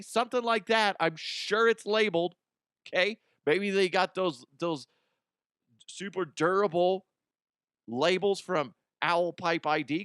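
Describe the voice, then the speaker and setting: A man's voice: sits high, measured pace, fairly bright tone, smooth, dry recording, clean studio sound. Profane rambling man ranting on the news. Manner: profane, rambling, acts out imagined people. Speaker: comedy news host. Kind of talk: casual comedic news rant.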